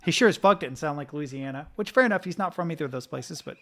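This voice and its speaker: A man's voice: on the high side, expressive, fast, fairly bright tone. A man from the Southern United States, streaming and ranting casually with lots of swearing while he reacts to clips. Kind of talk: live-stream reaction commentary.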